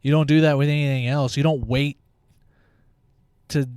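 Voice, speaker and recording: A man's voice: fairly high pitch, fairly even intonation, normal speed, a little mellow, smooth, dry recording, studio quality. A young man hosting a podcast, talking in a blunt, opinionated monologue and swearing freely. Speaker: podcast host. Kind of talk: casual monologue.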